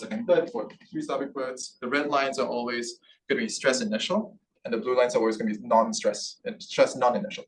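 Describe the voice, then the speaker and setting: A male researcher giving an academic seminar talk, explaining step by step and often checking in with "right?" along the way. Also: mid-range voice. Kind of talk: academic lecture. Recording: distant mic in a room with faint background noise.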